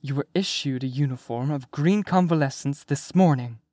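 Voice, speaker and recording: A man's voice: mid-range voice, moderate pace, dark tone, no echo, clean studio sound, close to an everyday voice. A man voicing a domineering woman head nurse who scolds sharply like a teacher. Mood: clipped.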